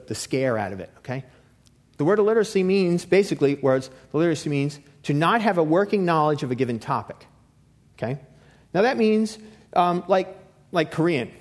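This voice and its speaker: A man's voice: a little high, a little mellow. A middle-aged man preaching a sermon in a casual, conversational way, often checking in with "okay?" and repeating himself for emphasis. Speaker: pastor.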